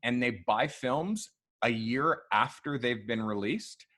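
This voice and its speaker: A man, a photographer, telling long stories in a relaxed interview, full of fillers like "um" and "like". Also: medium pitch, slow pace. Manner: loose, animated storyteller who acts out quoted people; frequent fillers like "um" and "like". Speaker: photographer guest. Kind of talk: storytelling in a podcast interview.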